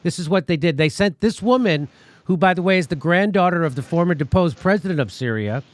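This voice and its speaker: A man hosting a political commentary show, talking in an animated, mocking and profane way. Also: high-pitched, fast, no echo. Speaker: show host.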